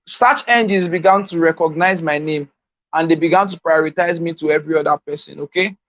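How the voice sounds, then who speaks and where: A man's voice: sits high, a bit bright, no room sound, highs cut off. A Nigerian man giving an informal coaching talk on social media marketing, teasing his listeners and repeating his key points.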